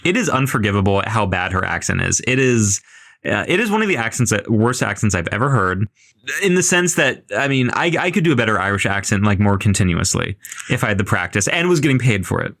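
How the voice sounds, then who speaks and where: A man's voice: on the low side, sing-song, fast, creaky, fairly bright tone. A man hosting a casual podcast, talking over a film conversationally with frequent hesitations. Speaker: podcast host.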